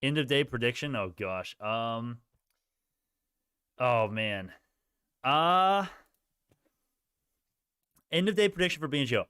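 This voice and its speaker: Male stock streamer, clear smooth voice, dry close sound, loose and rambling. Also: medium pitch, animated, slow, long pauses, pushed and bright, no room sound. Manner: rambling, casual, thinking aloud. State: sleepy, yawning. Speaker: stock livestream host. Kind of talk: live stream chat answering viewers.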